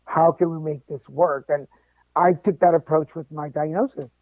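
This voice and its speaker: A man telling a personal story as a podcast guest, animated and joking along the way. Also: on the high side, normal speed, no echo. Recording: tinny phone-like line, dry.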